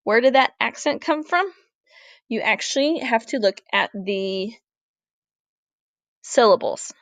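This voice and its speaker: A woman Spanish teacher, walking through a recorded grammar lesson, clear and deliberate, slowing down to model words. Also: on the high side, expressive, dry recording. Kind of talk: recorded classroom lesson over slides.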